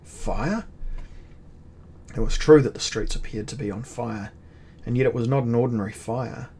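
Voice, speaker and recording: A man narrating a fantasy novel as an audiobook in a measured, dramatic way. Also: medium pitch, steady tone, gravelly, warm tone, a little hiss or hum.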